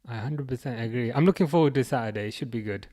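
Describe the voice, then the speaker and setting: A man with a Birmingham accent from the UK hosts a football watchalong livestream, reading out viewer comments in a halting, casual way with many restarts. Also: mid-range voice, dark tone. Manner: halting, restarts often, chuckles, reads comments aloud. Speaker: livestream host reading chat.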